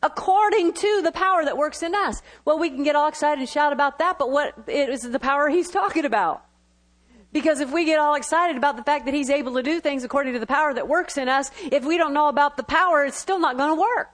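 High-voiced woman preaching a sermon. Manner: lively, laughing asides, quick bursts of speech.

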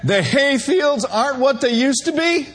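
A man's voice: very high-pitched, animated, unhurried. A man voicing a worried parent bird fretting about drought and feeding its young, with anxious, chuckling complaints. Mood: fretful.

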